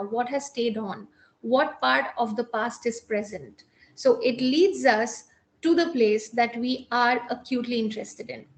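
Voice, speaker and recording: Indian english woman lecturing, kinda high voice, careful and explanatory, lots of ums. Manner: measured, explanatory, with frequent um fillers and restarts. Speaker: clinical psychologist lecturer. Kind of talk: academic lecture.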